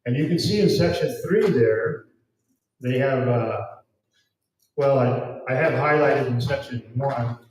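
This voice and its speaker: In a very echoey event hall, a man gives a fervent, emphatic public lecture with a preachy edge, captured on a distant mic. His mid-range voice is a little mellow and moves at a measured pace.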